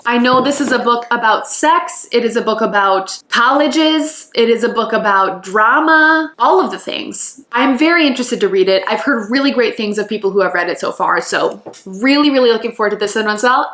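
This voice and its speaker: A woman's voice: medium pitch, a bit bright, roomy sound. A woman book vlogger chatting casually about new books, gushing and enthusiastic. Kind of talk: casual book haul vlog.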